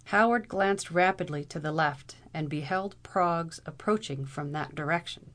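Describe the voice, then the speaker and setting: A woman narrating a Victorian novel in a clear, steady reading voice. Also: fairly low pitch, unhurried. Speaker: audiobook reader.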